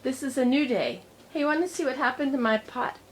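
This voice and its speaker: A woman's voice: high voice, fairly quick, a little hiss or hum. A woman vlogging casually from home and garden, chatting in a meandering way to the camera and to herself. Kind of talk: casual rambling vlog.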